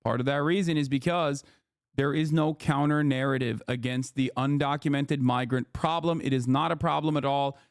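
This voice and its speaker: A man's voice: medium pitch, steady tone, normal speed, clean tone, no room sound, studio quality. A man ranting through political commentary on a live stream, heated and emphatic, with heavy swearing. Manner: emphatic, repeats "okay?".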